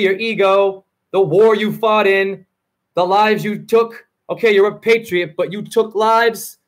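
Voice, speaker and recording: A man's voice: sits high, fairly bright tone. A man hosting his own video channel, delivering a rambling spoken-word freestyle monologue full of rhyming free-association wordplay and preachy advice.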